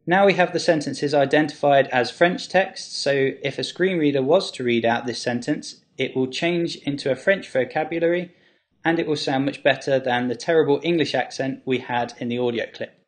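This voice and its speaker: Brief: male web developer at a mid-range pitch, calm and clear, walking viewers through a tutorial. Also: normal speed. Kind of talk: tutorial explanation.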